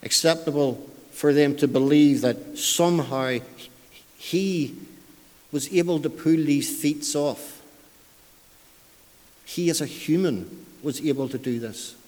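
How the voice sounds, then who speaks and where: A man's voice: a little high, slow, pauses often, darkish tone, big-room sound. A man preaching a sermon in a church, speaking conversationally and often repeating himself. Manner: conversational, repeats words, dialect grammar.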